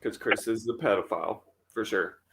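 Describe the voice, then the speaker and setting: A man's voice: on the low side, normal speed, gravelly, a bit bright, slight background noise, low-quality recording. A man who is a father, hosting a podcast in crude, joking casual chat. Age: adult father. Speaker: podcast host.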